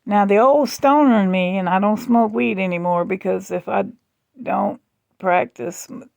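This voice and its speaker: A woman chats at home for her vlog in a slow, drawling ramble. Her voice is gravelly with fry, and it sounds dry and close. She talks in a loose, chatty way. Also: medium pitch, darkish tone, dry recording. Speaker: vlogger. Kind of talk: casual chat.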